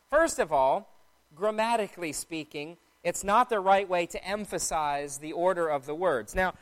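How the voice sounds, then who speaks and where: A man preaching a sermon in a measured, explanatory teaching tone. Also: high-pitched.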